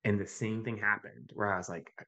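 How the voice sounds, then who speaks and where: A man speaking as a podcast guest in an animated, conversational way. He tells stories and often checks in with a quick "right?". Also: on the low side, vocal fry. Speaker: podcast guest, youth mental health advocate. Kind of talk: conversational storytelling.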